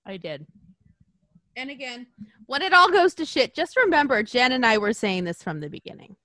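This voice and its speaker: A woman co-hosting a casual podcast, her high voice leaping up and down with animated energy. She has a bright, ringing tone and swears freely between laughs. The sound is close and dry. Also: moderate pace, no echo. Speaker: podcast co-host. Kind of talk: casual chat.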